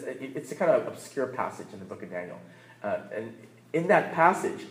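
A man in his thirties preaching a sermon in a conversational way, often checking in with "right?" and laughing between points. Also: medium pitch. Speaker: pastor. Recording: roomy echo.

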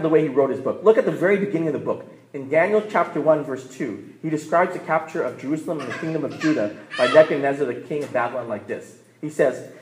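A man in his thirties preaching a sermon in a conversational way, often checking in with "right?" and laughing between points. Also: on the high side. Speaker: pastor. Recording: roomy echo.

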